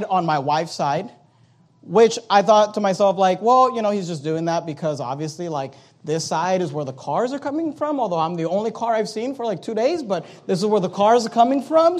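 A man with a high, light voice preaches by way of a personal story. He slips in and out of quoted voices as he tells it, animated and conversational. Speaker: pastor. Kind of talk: sermon storytelling.

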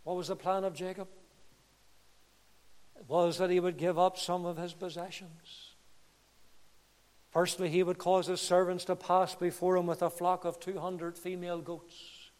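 A man preaching a sermon with fervour, dropping to a hush and then rising to loud, impassioned peaks. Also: high voice, little pitch movement, unhurried, pauses often. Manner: impassioned, swinging between hushed and loud. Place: church. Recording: reverberant church hall.

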